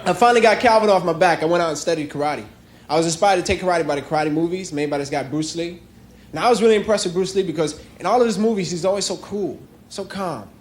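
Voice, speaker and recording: Talking fast in a high voice, a young New York City comedian performs a stand-up set in a club. His jokes come in a conversational style, punctuated by acted voices, while the crowd laughs and makes noise around him.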